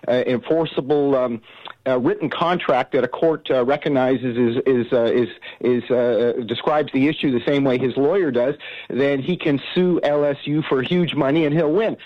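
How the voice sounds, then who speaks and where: A man's voice: medium pitch, moderate pace. A man calling in to a sports radio show, hesitant and filling his sentences with uh's. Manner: hesitant, heavy on uh fillers. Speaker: caller. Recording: muffled phone-in line.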